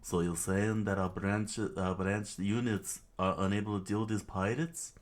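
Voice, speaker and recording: A man's voice: medium pitch, animated, moderate pace, darkish tone, lightly acted. A man voicing a stern older navy officer in a mock British accent while reading a comic aloud. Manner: clipped mock British delivery.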